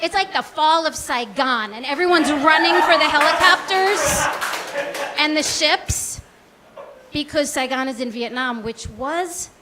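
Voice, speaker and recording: Chatty high-voiced woman doing stand-up. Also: lively intonation, a little slow, a crowd in the background, noisy background. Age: 40s. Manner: chatty and self-deprecating, many likes and ums. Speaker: stand-up comedian. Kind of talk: stand-up comedy set. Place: small comedy club stage.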